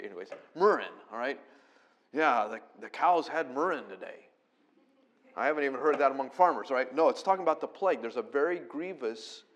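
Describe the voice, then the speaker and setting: A man preaching a conversational sermon, explaining scripture verse by verse and rising to loud, emphatic peaks when he quotes it. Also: medium pitch. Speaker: pastor.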